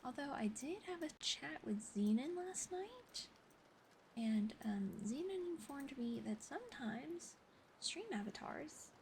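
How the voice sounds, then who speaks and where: A young woman whispering softly on an ASMR livestream, chatting and giggling with viewers as she thanks them and tells a story. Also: fairly high pitch, a little hiss or hum. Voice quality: soft whispery voice. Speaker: streamer. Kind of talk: whispered ASMR stream chat.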